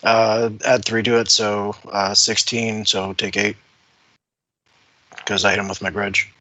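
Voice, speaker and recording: A man playing a tabletop game, quickly adding up damage aloud. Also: fairly low pitch, little pitch movement, pushed and bright, no echo, rough recording. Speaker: player.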